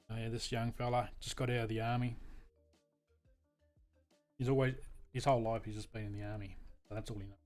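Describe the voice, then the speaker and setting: A man's voice: lowish voice, darkish tone. An Australian man, a veteran, chatting casually on a livestream and telling a meandering story full of asides. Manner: meandering, with frequent asides and restarts. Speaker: veteran streamer.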